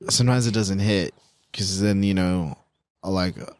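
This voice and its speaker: A man's voice: deep voice, normal speed, smooth, no room sound. A man co-hosting a casual comedy podcast, joking and laughing as he teases his friends with questions. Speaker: podcast co-host. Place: outdoors at a park.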